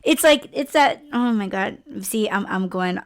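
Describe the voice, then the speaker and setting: In an unhurried, expressive, mid-range voice, this podcast host chats casually and candidly, swearing freely as she rambles on.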